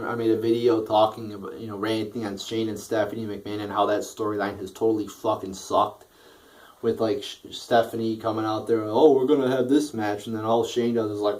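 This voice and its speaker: A man's voice: on the low side, a little mellow, distant mic, poor audio. A sleepy man ranting casually and profanely as a wrestling show reviewer, rambling with restarts and yawning.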